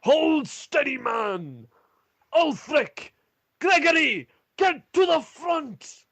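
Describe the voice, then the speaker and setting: A man voicing a bold male war commander who rallies his troops with shouted battle cries. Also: very high voice, sing-song, extremely slow, no echo, pitched above the performer's own voice, full character voice. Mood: commanding.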